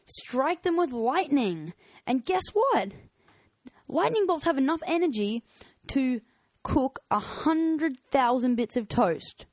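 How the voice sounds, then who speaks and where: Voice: high-pitched, big pitch swings, takes it slowly, no echo. A podcast co-host casually reading out fun facts in a playful, upbeat way.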